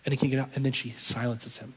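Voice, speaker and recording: A man's voice: mid-range voice, little pitch movement, fast, husky. A man telling a story in a sermon, acting out the voices of the people in it. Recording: long reverb from a large hall.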